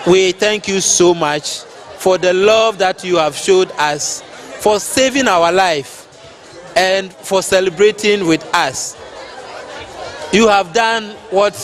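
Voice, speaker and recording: A high-voiced man speaks in a slow, measured way as he addresses a festival. He is openly moved and piles on thanks again and again, with a crowd faintly heard behind him outdoors. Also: a bit bright. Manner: effusive, repeating thanks. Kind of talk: emotional public speech.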